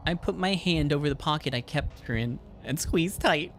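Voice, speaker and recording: A man's voice: a little high, moderate pace, few pauses, fairly bright tone, faint music behind. A man streaming, reading a visual novel's text aloud expressively, with casual asides.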